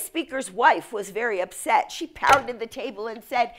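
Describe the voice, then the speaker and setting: A middle-aged woman from the United States giving a leadership lecture, telling stories in an animated way. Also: on the high side, measured pace, hardly any pauses, breathy edge. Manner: storytelling, animated. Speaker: speaker.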